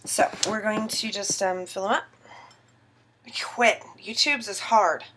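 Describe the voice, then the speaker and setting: A woman's voice: mid-range voice, steady tone, slow, noisy background. A tipsy young woman filming a casual baking tutorial in her home kitchen, giggly, rambling and self-mocking.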